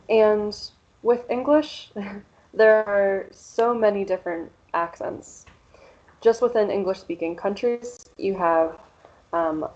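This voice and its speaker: Woman, Central Pennsylvania accent, workshop presenter; slow, explanatory delivery, muffled lo-fi sound. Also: mid-range voice, a little mellow. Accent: Central Pennsylvania American. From Central Pennsylvania, USA. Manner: explanatory, measured, with frequent "um" and "so", light laughs. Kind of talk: pronunciation workshop talk.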